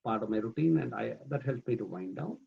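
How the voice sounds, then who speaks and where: Gravelly, hesitant man on a muffled line. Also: mid-range voice, animated, a little fast. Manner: hesitant, many fillers and repeated words. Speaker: guest, managing trustee of a charity. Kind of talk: conversational interview answers.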